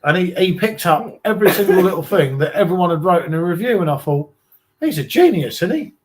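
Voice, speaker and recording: A man bantering on a beer-review stream. His voice sits high for a man. He mocks, swears and jokes in casual chat. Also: animated, fairly quick.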